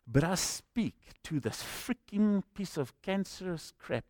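A middle-aged man preaching a sermon, telling stories that swing from hushed to shouting. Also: high-pitched, expressive, slow, dry recording. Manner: storytelling, swings from quiet to shouting. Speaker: pastor.

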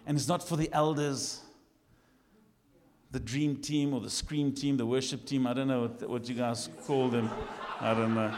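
Lively preacher in a hall. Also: male voice, medium pitch, moderate pace. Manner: animated, jokey, swings from shouting to quiet asides. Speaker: lead pastor. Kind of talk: sermon. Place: church hall.

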